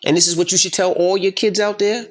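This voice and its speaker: Animated, swearing man telling a story. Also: high voice, quick pace. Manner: animated, profane, acts out quotes loudly. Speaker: podcast co-host. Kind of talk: casual storytelling chat.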